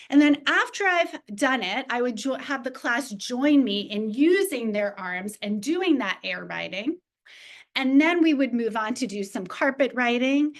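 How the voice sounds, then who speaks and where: A woman presenting a teacher training lesson on reading, explaining each step patiently and modeling it aloud. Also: fairly high pitch.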